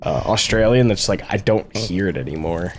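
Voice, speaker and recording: Low-voiced man, hesitant gamer chat. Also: animated, moderate pace, slight background noise. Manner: hesitant, searching for words with many fillers. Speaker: co-host of a gaming let's play. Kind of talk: casual chat while playing.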